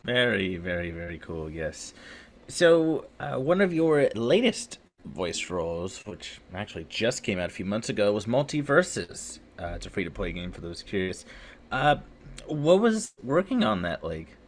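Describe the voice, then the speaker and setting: A man co-hosting a casual interview, easygoing, trailing off softly. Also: on the low side, very animated, a little slow.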